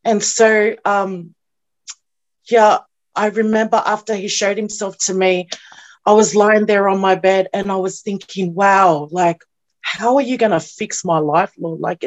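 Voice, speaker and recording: A young woman giving an emotional personal testimony as an interview guest, earnest and halting, often repeating herself, at times near tears. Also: mid-range voice, fairly even intonation. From New Zealand.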